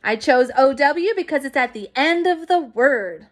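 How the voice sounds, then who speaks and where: Slow, high-voiced woman teaching phonics. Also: expressive. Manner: slow, clear, encouraging classroom pacing. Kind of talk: recorded phonics lesson for young children.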